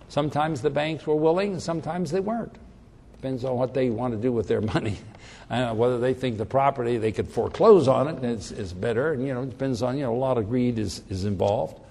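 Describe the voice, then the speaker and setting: A man preaching a sermon, telling the story with animated delivery and frequent restarts. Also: mid-range voice, quick pace, creaky.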